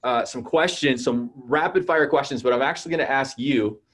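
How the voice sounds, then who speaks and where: A man's voice: mid-range voice, normal speed, fairly bright tone. A man hosting a church event interview, speaking earnestly with many fillers. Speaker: church host. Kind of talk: hosted interview.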